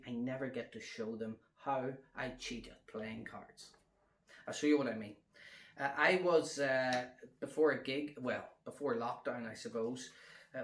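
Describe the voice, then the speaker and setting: Chatty magician in a roomy space. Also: male voice, mid-range voice. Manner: chatty, relaxed, counting cards aloud as he deals. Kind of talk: storytelling card-magic demonstration. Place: at home during lockdown. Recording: roomy echo.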